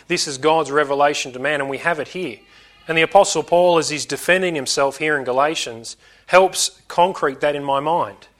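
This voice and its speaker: A man's voice: on the high side, bright, forceful tone. A man preaching an earnest evening sermon to his congregation, teaching with repetition and emphasis.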